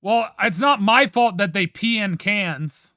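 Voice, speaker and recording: A man's voice: sits high, lively intonation, a little slow, bright, forceful tone, no room sound, clean studio sound. A man from Ohio chatting casually with his stream viewers, giving playfully dramatic opinions.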